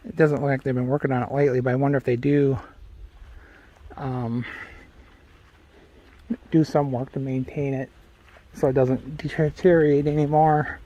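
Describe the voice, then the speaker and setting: Here a middle-aged travel vlogger and channel host records himself on a handheld phone, first outdoors on a city sidewalk and then inside a small car. His mid-range voice holds a level, dark tone at normal speed, broken by long pauses, as he chats casually with lots of fillers and joking asides. The audio sounds muffled.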